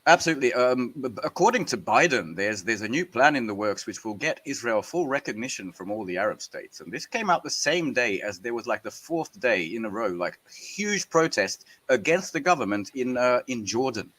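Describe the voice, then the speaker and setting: A man's voice: medium pitch, expressive, normal speed, hardly any pauses, a bit bright, low-quality recording. A man co-hosting a political discussion podcast, speaking bluntly and emphatically. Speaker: podcast co-host.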